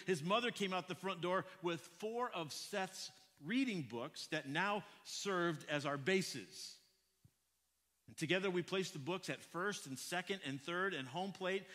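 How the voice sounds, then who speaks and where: A male pastor telling a story in a sermon, animated and often repeating his first words. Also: high-pitched. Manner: animated, repeats words when starting sentences. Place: church. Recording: echoey church hall.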